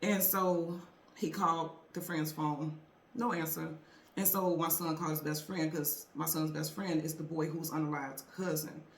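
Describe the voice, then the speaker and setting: A woman's voice: low-pitched, steady tone, normal speed, reverberant, slight background noise. A middle-aged woman hosting a tarot channel, telling a story to viewers in a chatty, earnest way with fillers and restarts. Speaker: tarot reader and channel host.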